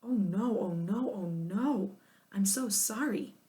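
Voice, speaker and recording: A woman's voice: medium pitch, slow pace, dark tone, far from the mic, natural voice. A woman voicing a cheery male animal-show performer in a children's storybook. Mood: dismayed.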